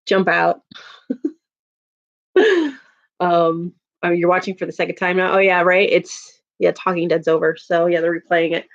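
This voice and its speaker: A woman's voice: on the low side, flat delivery, measured pace, long pauses, dull audio. A woman hosting a casual livestream, chatting with viewers, venting and laughing often. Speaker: livestream host reading chat.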